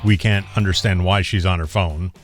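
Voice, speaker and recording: A man's voice: deep voice, steady tone, normal speed, faint music behind. A man co-hosting a casual podcast chat, teasing and joking with his partner. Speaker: co-host.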